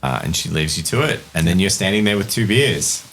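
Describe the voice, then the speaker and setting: Deep-voiced game master. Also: male voice, fairly quick, soft background music. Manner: relaxed, rambling, with many fillers. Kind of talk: narrating a tabletop game.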